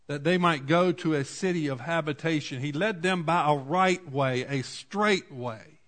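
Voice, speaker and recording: Male preacher, 40s, slightly high voice, folksy sermon storyteller. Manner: folksy storytelling, swings from quiet asides to loud cries. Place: church.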